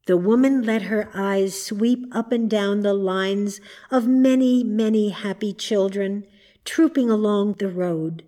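Slow, gentle woman storybook narrator. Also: mid-range voice. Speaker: audiobook reader.

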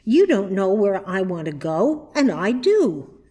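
A woman's voice: big pitch swings, unhurried, warm tone. Storybook girl, young and earnest, eager and insistent, read by a woman. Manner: raised pitch, eager and insistent.

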